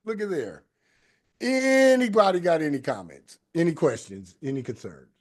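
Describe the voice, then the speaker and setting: Host: man, fairly high voice, emphatic and repetitive, spiritual talk show. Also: big pitch swings, normal speed. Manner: repetitive, emphatic, sing-song affirmations. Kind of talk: spiritual talk show, casual group chat.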